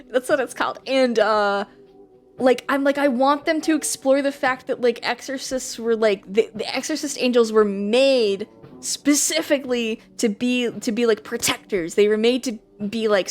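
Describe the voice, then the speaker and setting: A young woman streaming from home, chatting casually and rambling with lots of fillers and giggles. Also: on the high side. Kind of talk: casual live-stream chat.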